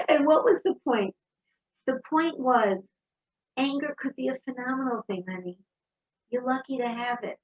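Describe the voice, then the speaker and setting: Storytelling woman, slightly husky. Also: fairly high pitch, moderate pace, pauses often, muffled recording. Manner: storytelling, warm and animated. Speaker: speaker. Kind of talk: inspirational talk.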